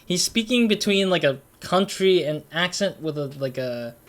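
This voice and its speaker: A young man casually commenting on his game, excitable and rambling, with many fillers. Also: sits high, normal speed. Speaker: gaming channel host. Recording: noisy home recording with game audio behind.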